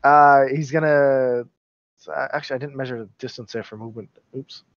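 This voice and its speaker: A man's voice: medium pitch, fairly even intonation, fairly quick. A man playing a tabletop game, describing his character's actions hesitantly and stumbling over his words. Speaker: player. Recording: dry, lo-fi voice chat audio.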